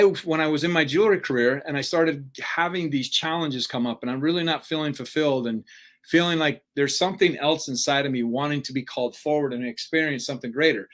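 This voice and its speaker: A man's voice: medium pitch, fairly bright tone. A man hosting a live motivational talk. He speaks earnestly, keeps checking in with "right?", and acts out dialogue when he tells a story. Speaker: live show host, speaking coach.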